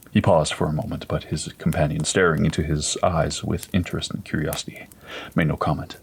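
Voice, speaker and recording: A man reads a classic ghost story aloud, steady and unhurried. His voice is deep and low, with a husky, breathy grain to it. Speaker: narrator reading a story aloud. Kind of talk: storybook narration.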